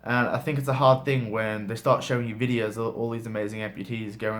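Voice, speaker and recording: A man's voice: medium pitch, a little fast, few pauses. Frank man talking to camera. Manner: frank, conversational, swears casually, many "like" fillers. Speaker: motivational vlogger. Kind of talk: casual talk to camera.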